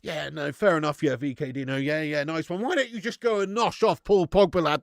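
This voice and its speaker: Gravelly sweary football host. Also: male voice, fairly high pitch, fairly quick, dry recording, clean studio sound. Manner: blunt, sweary, animated ranting; reads out viewer chat messages. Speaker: football watch-along host. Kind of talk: live match watch-along commentary.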